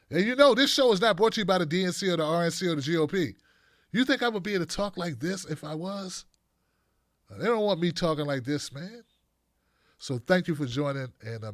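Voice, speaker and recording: A host on a live stream reads viewer donations and comments aloud, joking loosely and laughing often. His voice is high-pitched. The studio sound is clean, with no echo.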